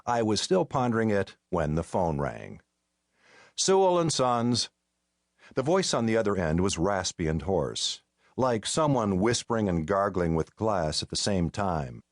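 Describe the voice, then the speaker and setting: A man narrating a mystery audiobook in the first person, with a wry, deadpan way of telling the story, on a close studio mic. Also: deep voice, normal speed, dry recording.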